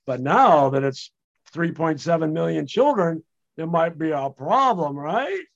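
Animated man guest on lo-fi audio. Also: a little high, measured pace. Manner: animated, emphatic, frequent restarts. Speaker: home education researcher guest. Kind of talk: conversational podcast interview. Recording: dull lo-fi audio.

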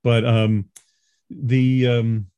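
A man's voice: mid-range voice, little pitch movement, drawn-out words, mellow, clean tone, dry recording, highs cut off. A man in his forties from Long Island, an adjunct professor talking as a guest over a video call, earnest and explanatory, laughing easily. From Long Island, New York. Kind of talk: casual interview talk.

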